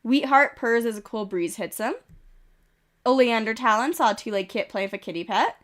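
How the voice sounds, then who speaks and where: A woman's voice: fairly high pitch, expressive, normal speed, a bit bright. A woman streaming a game, reading out events with chatty asides and giggles while congested and coughing. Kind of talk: casual live-stream commentary. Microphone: desk microphone.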